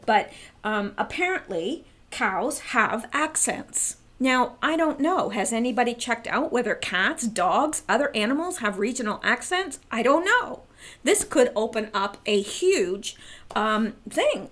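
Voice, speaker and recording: Middle-aged female trivia host, chatty and wry, slightly high voice with lively leaps. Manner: chatty, wry, asides to viewers, pitch jumps up for emphasis. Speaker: video host. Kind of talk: casual chat about trivia facts.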